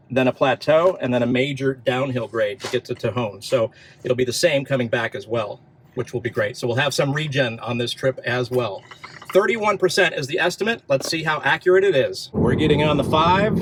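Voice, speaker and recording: A man's voice: mid-range voice, a bit bright, slight background noise, poor audio. A middle-aged man hosting a casual travel vlog, chatting in an upbeat way with plenty of fillers. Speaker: vlog host. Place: in and around a car at a charging station.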